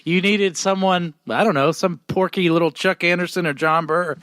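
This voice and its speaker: A man in his thirties, co-hosting a podcast, cracking quick jokes in casual talk. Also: sits high, fairly even intonation, a bit bright, dry recording. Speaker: podcast co-host. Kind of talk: casual chat.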